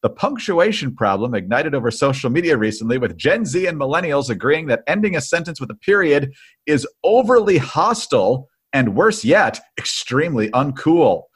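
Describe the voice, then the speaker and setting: A man co-hosting a political podcast, chatting in a wry, lively way. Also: medium pitch, normal speed, slightly rough. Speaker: podcast co-host. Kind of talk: casual political podcast chat.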